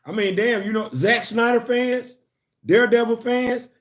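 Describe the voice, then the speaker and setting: A man's voice: very high-pitched, unhurried, heavy background noise. A man hosting a casual live commentary stream on comics, repeating words and stopping to greet viewers. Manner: animated, repeats words, laughs and chats with viewers. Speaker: commentary channel host.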